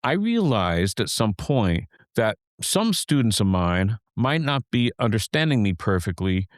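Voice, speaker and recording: A man's voice: on the low side, sing-song, measured pace, dry recording. Guy rambling in casual podcast chat, tons of ums, voice jumps all over, dry close mic. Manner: rambling, full of fillers and restarts. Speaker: podcast co-host and teacher.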